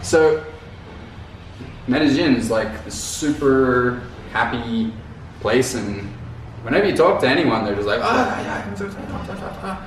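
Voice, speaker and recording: A man's voice: mid-range voice, expressive, measured pace, long pauses, recorded from a distance. A man vlogging in a loose, rambling way, repeating words and dropping casual slang. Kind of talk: casual talk to camera. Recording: very echoey room, off mic, faint noise.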